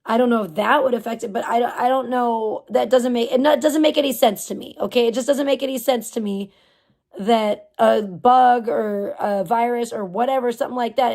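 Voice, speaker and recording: A woman's voice: a little high, fairly even intonation, a little fast, a little mellow. A woman livestreamer chatting casually and ranting with lots of profanity while reading and answering chat messages. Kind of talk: casual live stream chat.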